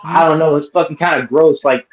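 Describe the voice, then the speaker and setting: A man's voice: on the high side, fairly even intonation, brisk. A man hosting a casual live-stream chat, ranting with lots of swearing and mocking people by putting on silly voices. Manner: profane, ranting, mocks people in put-on voices. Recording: dull lo-fi sound.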